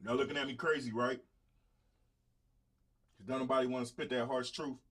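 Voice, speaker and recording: A man's voice: medium pitch, fairly even intonation, moderate pace, a bit bright, slightly rough. Blunt man preaching to his viewers. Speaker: show host. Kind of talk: casual live-stream talk.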